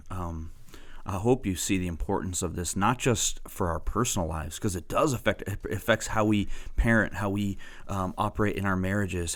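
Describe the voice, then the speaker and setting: A man with a low voice co-hosting a casual ministry podcast. He puts in short agreements and playful jokes, then wraps up by speaking to the listeners. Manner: joking interjections, playful teasing. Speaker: podcast co-host.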